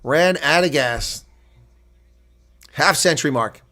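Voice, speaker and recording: A man doing live play-by-play and reaction for a rugby match, who builds to shouting on big plays, then drops to relaxed, chatty talk and replies to viewer chat. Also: on the high side, slow pace. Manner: reads out and answers viewer chat.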